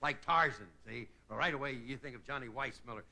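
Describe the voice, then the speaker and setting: A man's voice: medium pitch, fast, gravelly. A man hosting a comedy show with a stand-up monologue, chuckling at his own jokes, on a TV studio stage before a live audience. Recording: noisy 1960s TV broadcast audio. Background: loud audience laughter.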